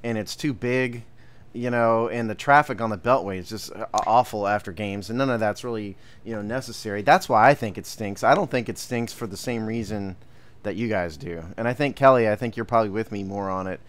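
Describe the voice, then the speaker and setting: A man's voice: lowish voice, brisk. A man co-hosting a casual sports podcast, giving blunt plain-spoken opinions. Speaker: podcast co-host.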